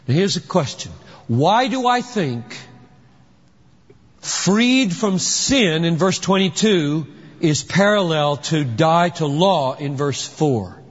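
A pastor with a high, slightly bright voice preaches an emphatic sermon, posing rhetorical questions and then answering them himself. The recording is dull and lo-fi, with long hall reverb.

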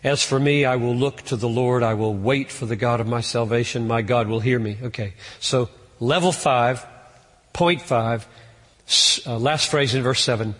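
A man preaching a sermon in an earnest way, rising in pitch and force on key points. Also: steady tone, normal speed, fairly bright tone, big-room sound. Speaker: pastor.

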